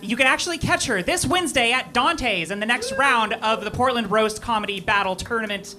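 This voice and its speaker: A woman's voice: a little high, animated, a little fast, noisy background. A woman hosting a live comedy night, introducing the next comic in an upbeat way. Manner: upbeat hype. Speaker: show host introducing comic. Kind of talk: stage introduction. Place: small cafe stage, live audience.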